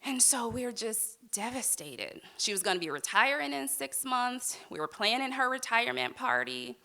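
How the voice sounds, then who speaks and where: A woman's voice: a little high, very animated, normal speed, bright, forceful tone. A woman telling a personal story on a live stage, heartfelt and candid with touches of wry humor.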